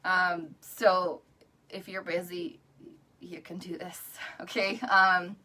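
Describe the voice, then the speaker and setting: A woman's voice: fairly low pitch, level tone, slow, sharp tone, recorded from a distance. A woman in her thirties, tearful and crying as she talks earnestly and encouragingly in a live video to a group. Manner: earnest, encouraging, breaks into little laughs. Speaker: direct sales rep.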